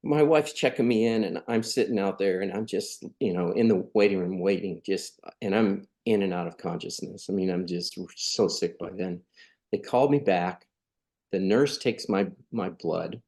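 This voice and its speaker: A middle-aged man from California tells a personal story on a podcast. His voice sits low with a gravelly edge. He stays earnest and conversational and acts out what others said. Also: normal speed, a little mellow. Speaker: podcast guest. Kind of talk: storytelling in a casual interview.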